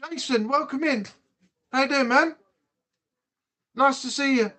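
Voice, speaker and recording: A man's voice: very high-pitched, measured pace, bright, forceful tone. Chatty man hosting a stream. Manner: chatty, frank, swears freely. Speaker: live stream host. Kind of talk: casual live-stream chat.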